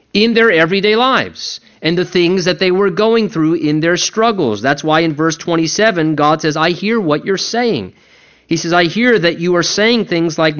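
High-voiced earnest preacher, lo-fi. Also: male voice, fairly bright tone. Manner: earnest, acts out quoted complaints, rhetorical questions. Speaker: pastor. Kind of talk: sermon.

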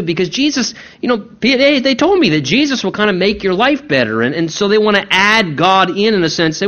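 A man's voice: sits high, animated, normal speed, a bit bright, dull audio. Man preaching in a conversational sermon. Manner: conversational preaching with repeated restarts and stammered words. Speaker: pastor.

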